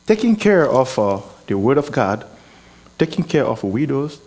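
A man with a foreign accent preaching a sermon, earnest and exhorting, often pausing with hesitations and restarting his words. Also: medium pitch, very animated, a little mellow. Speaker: guest preacher.

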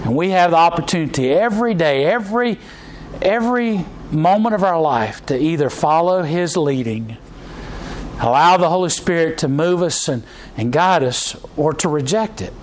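A man preaches a sermon. He talks to the congregation like he is chatting, restarting his sentences often and filling pauses with "uh.". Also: fairly high pitch, animated, a little hiss or hum, rough recording. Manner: conversational preaching with frequent restarts and fillers. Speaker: pastor.

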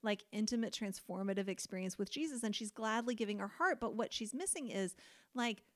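A woman's voice: mid-range voice, a little fast, fairly bright tone. A middle-aged woman pastor in casual podcast conversation, talking earnestly and candidly with many fillers.

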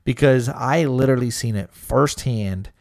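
A man's voice: medium pitch, moderate pace, gravelly, a little mellow. A young man co-hosting a podcast, talking casually and profanely, rambling and acting out quotes. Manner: rambling, profane, acts out quotes in raised voices. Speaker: podcast co-host. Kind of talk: casual chat.

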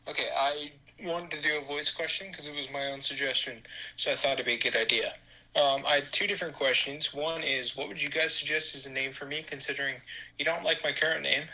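A man's voice: medium pitch, sharp tone, low-quality recording. A man leaving a friendly, upbeat voice message for a podcast as a listener. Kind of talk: recorded voice message.

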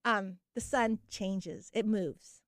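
A woman's voice: medium pitch, slow pace, dry recording, clean studio sound. A woman hosting a radio talk show, chatting with enthusiasm and laughing often. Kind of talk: casual radio chat.

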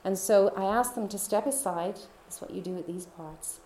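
A woman tells her personal faith testimony in a heartfelt, confiding manner. Her voice is mellow and dark in tone. The room around her is echoey. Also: medium pitch, moderate pace, slight background noise. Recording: roomy echo.

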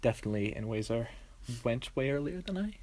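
A woman's voice: extremely low pitch, expressive, a little fast, a little mellow. A woman co-hosting a podcast, talking casually and explaining her points at length. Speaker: podcast co-host. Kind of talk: casual chat.

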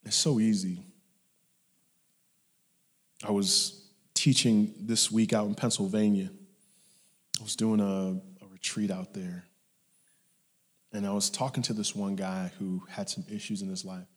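Preacher with big dynamic swings, echoing hall. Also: male voice, fairly low pitch, little pitch movement, unhurried, pauses often. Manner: dynamic, swings from hushed whispers to loud shouts; storytelling, acts out family members in his anecdotes. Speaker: pastor. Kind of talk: sermon. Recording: long hall reverb.

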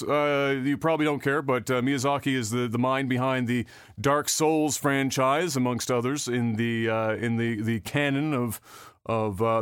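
A man's voice: mid-range voice, fairly bright tone, clean tone, no echo, studio quality. A man hosting a casual gaming news podcast, sarcastic and offhand, swearing freely, with many fillers and restarts. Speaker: podcast host.

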